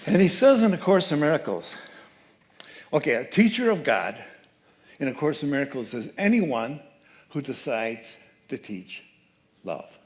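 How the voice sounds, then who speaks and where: A man giving a sermon as guest speaker at a church, telling a story with lively changes of voice. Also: fairly high pitch, measured pace, pauses often. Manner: animated storyteller, acts out quoted voices. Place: church sanctuary.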